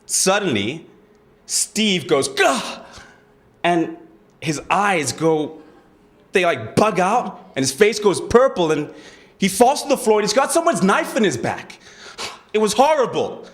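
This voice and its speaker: A man's voice: medium pitch, animated, normal speed, fairly bright tone, lightly acted. An actor playing a young streetwise man testifying at a murder trial, in a rambling, defensive, slangy way. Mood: frantic. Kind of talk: audition monologue.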